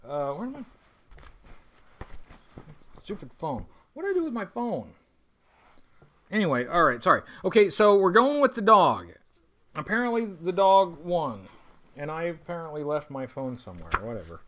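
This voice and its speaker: A man hosting a long livestream, reading an adventure gamebook aloud. He drifts off into wry, rambling asides and catches himself mid-sentence, in a slightly high voice. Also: big pitch swings, normal speed, a bit bright, a little hiss or hum. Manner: wry, rambling, self-interrupting. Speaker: livestream host.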